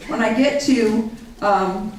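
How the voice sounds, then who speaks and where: A woman speaks to a live audience, telling her own story with earnest energy and slipping into the voices of the people she quotes. Her voice sits a touch high. She is picked up from a distance in a large, echoing hall with a faint hiss underneath. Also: takes it slowly. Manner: earnest, animated storytelling that acts out others' words. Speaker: speaker at a public gathering. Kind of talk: personal account told to a live audience.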